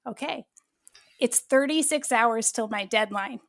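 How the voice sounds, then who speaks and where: A middle-aged woman hosting a podcast, telling a story in casual chat, candid and lively as she acts out bits of dialogue. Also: on the high side, moderate pace, vocal fry, dry recording, studio quality. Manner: animated storyteller who acts out quoted dialogue; candid, uses mild swearing. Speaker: podcast host.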